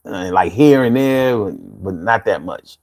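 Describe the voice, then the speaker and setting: Animated streetwise Philly man. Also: lowish voice, slow. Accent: Philadelphia. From Philadelphia, USA. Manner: streetwise, laid-back, laughs often. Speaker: livestream host. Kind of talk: casual live chat reading comments.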